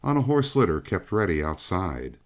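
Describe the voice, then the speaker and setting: A man's voice: sits low, big pitch swings, moderate pace. A man voicing a proud, touchy small red-headed gunman in a western audiobook, speaking in a clipped, cool way. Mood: earnest. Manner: clipped, cool, through the teeth.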